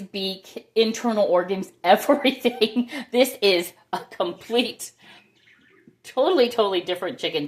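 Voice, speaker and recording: Chatty woman with a lively voice. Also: on the low side. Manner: chatty and enthusiastic, rambling. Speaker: orchid grower. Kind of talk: casual chat while touring plants. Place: home with plants.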